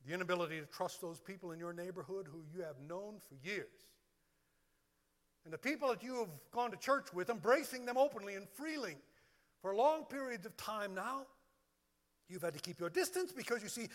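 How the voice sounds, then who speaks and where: High, lively pastor preaching in a reverberant hall. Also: male voice, moderate pace. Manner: emphatic, lists words one by one. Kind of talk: sermon.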